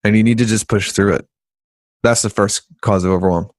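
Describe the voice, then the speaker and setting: A man with a lowish voice co-hosts a business podcast, talking casually and animatedly, teasing his co-host as he goes. The recording is close and dry. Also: fairly quick, no echo. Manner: animated, joking, jumps into voices when quoting people.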